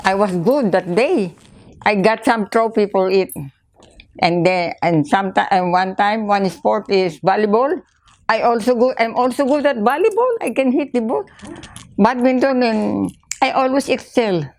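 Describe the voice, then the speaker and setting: Older woman, Filipino accent, gravelly, halting, repeats words, interview telling stories. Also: medium pitch, darkish tone. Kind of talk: casual storytelling interview.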